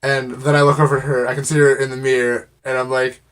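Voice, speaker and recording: A man's voice: mid-range voice, little pitch movement, fast, clean tone. An American man rambling through a casual story to camera, with a wry, amused manner. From United States. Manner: rambling, full of "I'm like" and fillers.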